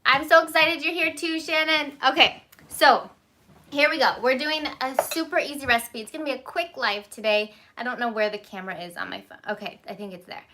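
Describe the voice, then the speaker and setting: Bright-voiced chatty woman baker. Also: a little high, a little fast, a little hiss or hum. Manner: chatty, greets viewers by name and breaks off to tell her children what to do. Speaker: home baker hosting a live baking stream. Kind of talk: casual live-stream chat. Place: small home kitchen. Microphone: phone.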